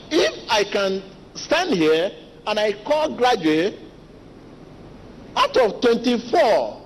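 A man preaching a sermon as pastor, talking to the congregation directly, animated and repetitive. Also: high-pitched. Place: large church hall. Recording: long church reverb with faint ambience.

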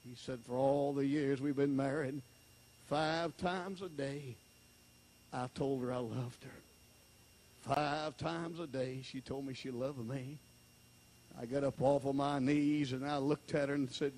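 A man preaching an emotional revival sermon, repeating phrases and swinging from hushed storytelling to high shouts. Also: fairly even intonation, unhurried. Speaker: evangelist preacher.

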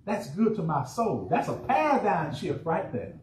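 A man preaching a sermon as pastor, calling out to the congregation and shouting refrains. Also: high voice, moderate pace, roomy sound, distant mic, a crowd in the background, poor audio. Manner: preacherly call-and-response, rising excitement, shouted refrains. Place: church sanctuary.

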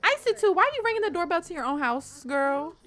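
A woman's voice: high-pitched, expressive, fast talker, a bit bright. A woman in her twenties giving playful, slangy, profane let's-play commentary as a channel host.

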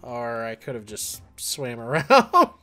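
Excitable jokey man gaming. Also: medium pitch, slow pace, faint music behind. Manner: excitable, jokey, yelps and shouts at the game. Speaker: let's play gamer. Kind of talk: casual gameplay commentary.

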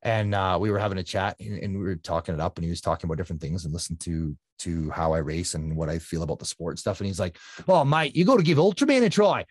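A middle-aged man from Canada, a guest telling his story in a casual, animated way and acting out quotes. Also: low voice, fast talker, few pauses, no echo, studio quality. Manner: animated, conversational, acts out quotes.

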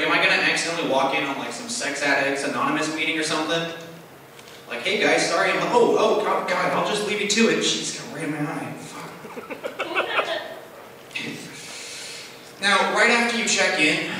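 A man doing conversational stand-up storytelling with quick asides at an open mic in a bar. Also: a little high, pushed and bright, a little hiss or hum. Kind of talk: stand-up comedy. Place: bar stage. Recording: echoey bar from a distance.

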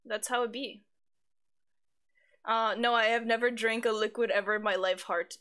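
A woman's voice: fairly high pitch, level tone, normal speed, a bit bright. A woman live streamer in casual chat, reading her chat aloud, swearing freely and giggling often. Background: faint background music.

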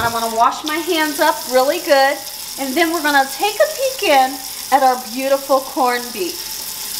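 Bubbly high-voiced woman cooking host. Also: background noise. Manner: bubbly and folksy, addresses viewers as guys and honey. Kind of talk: home cooking demonstration. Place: home kitchen.

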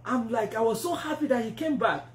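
A woman preacher telling a testimony in a sermon, animated and acting out the voices she quotes. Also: on the high side, brisk. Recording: roomy echo.

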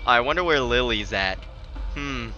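A man's voice: medium pitch, animated, moderate pace, sharp tone, muffled recording, faint music behind. A man giving rambling, profane, joking commentary while playing a video game. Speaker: gamer. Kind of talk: let's play commentary. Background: game audio.

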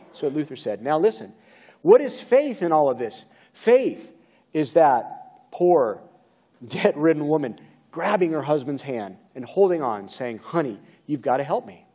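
Speaking in a high-sitting, darkish voice, an American-accented pastor delivers a sermon in a church sanctuary and puts questions to the congregation along the way. The sound comes from a video-recorded pulpit mic.

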